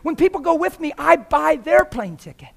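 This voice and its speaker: Preacher guy, really high voice, fired up and pleading with the crowd. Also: sing-song, normal speed, creaky. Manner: impassioned, rising to shouts. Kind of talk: sermon.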